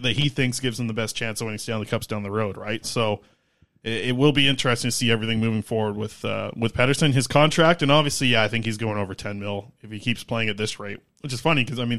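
A man's voice: medium pitch, a bit bright. A man co-hosting a sports podcast, talking casually and rambling through stats with lots of fillers. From Canada. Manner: rambling, filler-heavy delivery. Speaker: podcast co-host.

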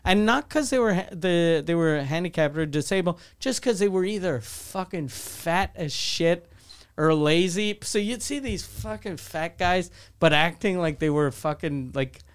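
A man's voice: high voice, animated, a little slow, smooth. A man, a comedian, telling stories in casual podcast chat, swearing freely and acting out the people he quotes. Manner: profane storytelling, acts out quoted voices.

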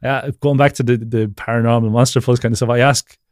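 A man's voice: medium pitch, fairly even intonation, a little fast, a little mellow, no echo, clean studio sound. A man as a guest on a video-call interview, rambling casually with lots of fillers and frequent laughs. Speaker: podcast guest.

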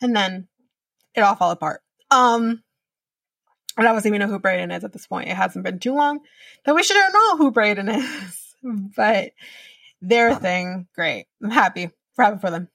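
A woman's voice: medium pitch, moderate pace, gravelly, a bit bright, no room sound, distant mic. A woman hosting a podcast, recapping a reality show in a chatty way, swearing casually and using lots of fillers. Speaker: podcast host.

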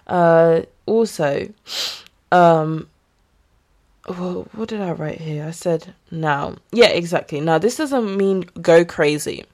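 Young woman, solo podcast host, chatty and earnest, slightly low voice. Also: takes it slowly, darkish tone. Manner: chatty, earnest, with frequent fillers and laughs. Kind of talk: casual solo podcast talk on faith.

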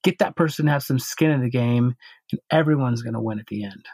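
A man's voice: medium pitch, quick pace, creaky, husky, dry recording. Rambling male podcast storyteller, dry sound. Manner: rambling, animated, with many restarts and fillers. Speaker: podcast co-host.

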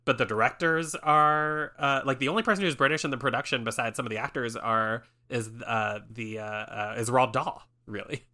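A man hosting a casual film podcast, his voice bright and forward. He rambles through facts with plenty of fillers and breaks into laughter often. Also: medium pitch, moderate pace, hardly any pauses. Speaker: podcast host. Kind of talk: casual film-discussion chat.

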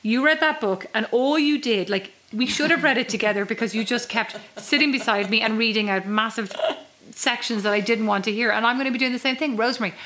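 A woman's voice: on the high side, brisk. A woman, co-hosting a casual podcast chat with her sister, laughing often and telling stories. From Ireland. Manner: chatty, laughs often, animated storytelling. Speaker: podcast co-host.

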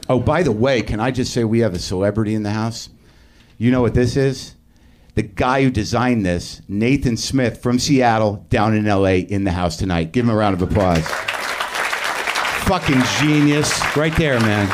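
A man's voice: lowish voice, a little hiss or hum. A man hosting a live comedy podcast, rambling through a profane, self-deprecating monologue on stage. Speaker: podcast host. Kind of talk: live stand-up-style monologue.

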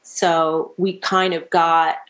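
A middle-aged female musician appears as a guest in a relaxed interview, telling stories with lots of energy and frequent laughter while acting out what people said. Her voice sits fairly low, and she speaks at an unhurried pace.

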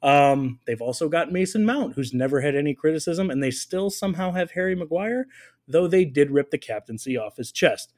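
A man with a slightly higher voice co-hosts a soccer chat podcast. He talks loosely and jokes his way through the news, laughing often as he goes. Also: lively intonation, a little fast, a little mellow. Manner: jokey, rambling, laughs often. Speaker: podcast co-host. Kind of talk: casual chat.

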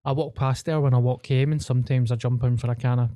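Deadpan glasgow guy on a podcast, swears a lot, mellow voice, dry close sound. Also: medium pitch, fast, dry recording. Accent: Glaswegian. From Scotland. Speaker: podcast co-host. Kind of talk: casual chat.

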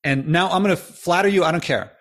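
A man's voice: high voice, noisy background. A man in his fifties hosting a podcast, chatting casually and eagerly with a guest. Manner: quick, animated, chatty with restarts. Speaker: podcast host. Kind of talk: casual conversation.

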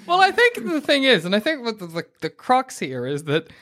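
A man's voice: very high-pitched, brisk. A man with an Australian accent chatting casually with friends, laughing often and jumping into voices. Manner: laughing, animated, bouncing into voices. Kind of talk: casual chat.

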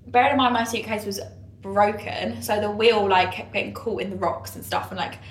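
A woman's voice: medium pitch, steady tone, normal speed, a little hiss or hum. A young woman co-hosting a podcast in casual, chatty talk, laughing often. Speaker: podcast co-host. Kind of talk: casual chat. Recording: echoey room.

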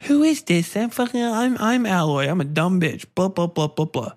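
A man putting on a high, mocking voice of a dim young woman heroine from a video game, dismissively. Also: moderate pace, natural voice.

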